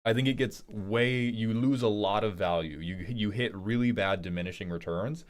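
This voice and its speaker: Low-voiced man chatting on a stream. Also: moderate pace. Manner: rambling, joking, reads viewer messages aloud. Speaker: streamer answering chat. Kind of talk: casual livestream chat.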